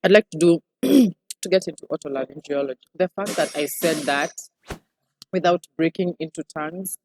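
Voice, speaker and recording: Speaking at a moderate pace in a low, expressive voice, a young Kenyan-accented woman doctor, newly qualified, chats animatedly as an interview guest. She mixes Swahili phrases into her English, and background noise can be heard.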